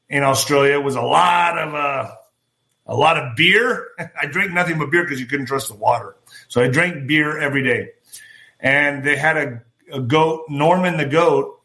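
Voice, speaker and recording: A man's voice: on the high side, pushed and bright. A man hosting a show, telling rambling personal stories and commenting on a news item, talking straight to his listeners. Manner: rambling, anecdotal, talks straight to listeners as folks. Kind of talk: casual storytelling and news commentary.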